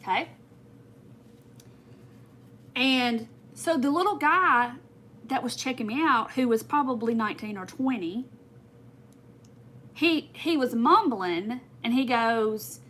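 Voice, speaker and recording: A woman with a drawl tells a long story on her crafting livestream, rambling and emphatic as she talks straight to her viewers. Her voice sits a touch high and rings bright. She keeps working on her craft as she talks. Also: lively intonation, slow, long pauses. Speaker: crafting channel host.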